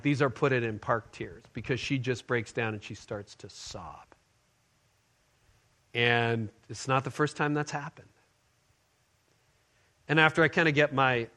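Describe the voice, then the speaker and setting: A man's voice: medium pitch, fairly bright tone. A middle-aged male pastor giving a talk to a congregation, telling a personal story and acting out the dialogue in it. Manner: storytelling, acts out quoted dialogue. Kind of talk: sermon-style leadership talk.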